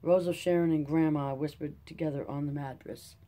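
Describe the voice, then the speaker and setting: Calm classic-novel narrator, dark mellow tone. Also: mid-range voice, brisk. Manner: calm, even reading. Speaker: audiobook narrator.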